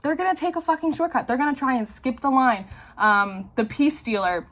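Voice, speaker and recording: A young woman with a bright, fairly high voice, talking loosely to her audience about spiritual matters. She is lively and blunt, swears freely and fills her speech with "like". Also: a little fast. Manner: animated, swearing, many "like" fillers. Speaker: tarot reader. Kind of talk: casual spiritual talk to camera.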